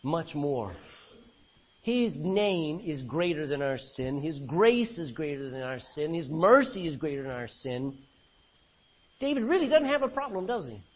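A husky, high-pitched man preaches a sermon. He reads verses aloud and explains them, putting questions to the congregation. The recording sounds muffled and lo-fi. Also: very animated, unhurried. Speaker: pastor. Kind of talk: expository sermon reading scripture.

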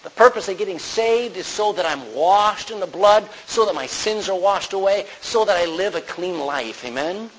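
A man's voice: sits high, expressive, normal speed, few pauses, rough recording. A man preaching a sermon as pastor, often asking his congregation "Amen?" as he goes. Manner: preaching with frequent call-and-response "Amen?". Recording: faint hiss.

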